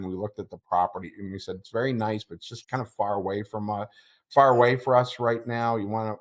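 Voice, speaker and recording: A middle-aged man with a fairly low voice shares a personal story as an interview guest. He halts and repeats words, and his voice chokes up with emotion.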